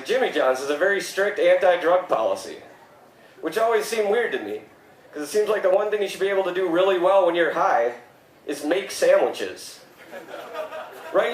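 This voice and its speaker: A man in his thirties works through a stand-up set, his voice sitting a little high for a man. He delivers dry one-liners and then jumps into mock shock. The stage mic picks up a roomy, echoey club. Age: 30s. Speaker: stand-up comedian.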